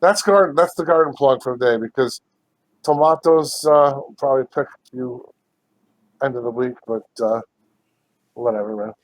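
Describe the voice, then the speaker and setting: A man's voice: medium pitch, moderate pace, long pauses. A man co-hosting a podcast, talking over a video call, laid-back, rambling and swearing casually. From United States. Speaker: podcast co-host. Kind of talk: casual chat.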